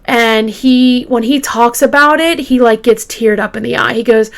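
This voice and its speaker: A woman hosting a true crime show, retelling a case casually with halting fillers and restarts, openly shaken by the grim details. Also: fairly high pitch. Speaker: true crime podcast host.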